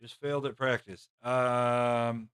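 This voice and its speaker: Brief: male game streamer, smooth dry voice, wisecracking commentary. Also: medium pitch, little pitch movement, slow pace, fairly bright tone, dry recording. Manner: joking, thinking aloud. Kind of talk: live gameplay commentary.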